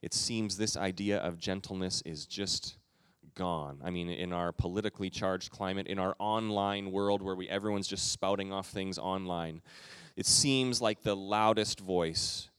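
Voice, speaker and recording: A middle-aged man preaching a sermon as the pastor of his church, telling stories in a relaxed, conversational way with quick asides. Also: low voice, clean tone, dry recording. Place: church sanctuary.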